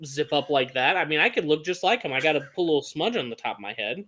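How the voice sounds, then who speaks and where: Animated high-voiced male co-host. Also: fast talker, slight background noise. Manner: animated storyteller acting out quotes. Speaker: podcast co-host. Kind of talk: casual chat.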